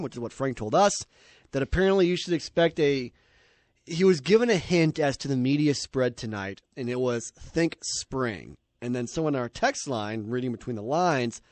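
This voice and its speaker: A man hosting a casual sports radio talk show, brisk and joking with his guest. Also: a little high, no room sound. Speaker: radio host.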